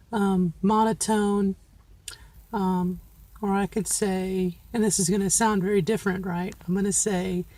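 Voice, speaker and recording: With no room sound, a mid-range female voice comes through as a middle-aged vlogger talks directly to viewers. Her casual monologue is reflective, candid, and self-encouraging, spoken in a feminine voice she has trained and places with care.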